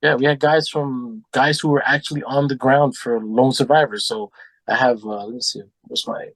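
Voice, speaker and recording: A man telling animated stories in a casual podcast chat, acting out what people said and swearing freely. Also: mid-range voice, moderate pace, no room sound. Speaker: podcast guest. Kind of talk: casual storytelling.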